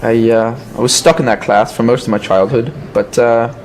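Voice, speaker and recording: A man answers interview questions with a dry, cheeky deadpan. His pitch sits in the middle range, and faint room noise sits behind him. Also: normal speed. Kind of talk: mock interview comedy.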